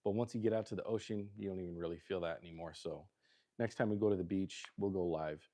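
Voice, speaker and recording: A middle-aged man from Southern California rambles through a casual livestream in his home kitchen, joking as he goes. His voice sits a little low, with a mellow, relaxed tone. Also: fast. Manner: loose, rambling and jokey. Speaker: livestream host. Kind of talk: casual livestream chat while cooking.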